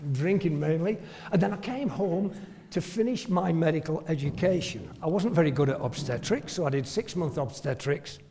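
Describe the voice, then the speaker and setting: This retired northern English family doctor, in his 70s, entertains an audience with humorous, self-mocking stories, chuckling often. His voice is fairly high, gravelly, and a little mellow, echoing with the long reverb of a hall.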